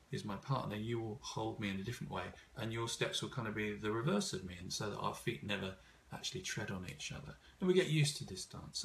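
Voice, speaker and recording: A man's voice: lowish voice, gravelly, slight background noise. A man giving an informal seminar talk, thoughtful, with frequent fillers and restarts. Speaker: seminar speaker.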